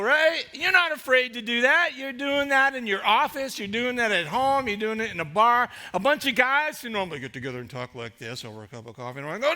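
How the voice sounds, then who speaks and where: A man's voice: extremely high pitch, pushed and bright. A man pastor delivering a sermon in a church, emphatic and rhetorical, building his points through repetition.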